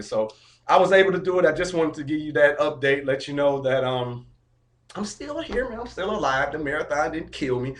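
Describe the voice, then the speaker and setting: A man's voice: fairly high pitch, lively intonation, a little fast, a bit bright, slight background noise. Upbeat motivational man telling a story. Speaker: vlogger. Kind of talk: casual vlog update.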